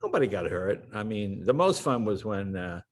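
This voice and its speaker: A man's voice: fairly low pitch, normal speed. An older man, a guest in an interview, telling anecdotes and acting out the voices of the people in them. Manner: animated anecdote teller, acts out quoted voices. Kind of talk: storytelling interview.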